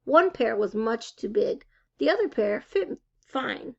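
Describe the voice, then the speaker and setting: A woman reading a children's novel aloud with expressive storytelling. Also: fairly high pitch, a little slow, creaky, muffled recording. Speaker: reader.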